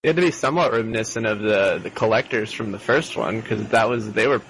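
Guy with a gravelly low voice, quick comments about games. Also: a bit bright, slight background noise, low-quality recording. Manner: quick asides, laughs. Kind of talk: casual gaming chat.

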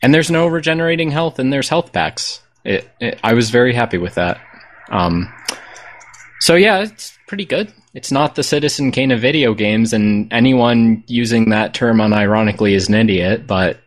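A man's voice: medium pitch, animated, moderate pace. A man chatting casually as a podcast co-host, rambling and hesitant, with frequent ums and some swearing. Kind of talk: casual chat about video games.

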